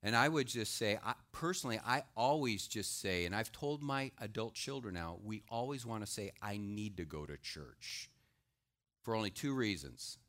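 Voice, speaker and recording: A middle-aged man, a pastor, preaching a sermon in a lively way and acting out the voices he quotes. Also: on the low side, moderate pace, few pauses. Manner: animated, acts out quoted voices.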